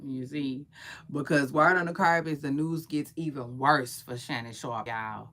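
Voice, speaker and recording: A woman vlogger gossiping casually, circling back on her words with drawn-out asides. She talks slowly in a low voice that rises and falls a lot. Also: expressive, a bit bright. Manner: chatty, repeats herself, drawling asides.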